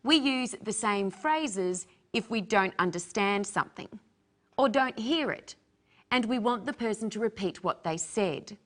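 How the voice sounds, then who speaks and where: A woman co-hosting a scripted English lesson, modelling each phrase clearly for learners to repeat. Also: medium pitch, lively intonation, a little slow, a bit bright. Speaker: English teacher, co-host.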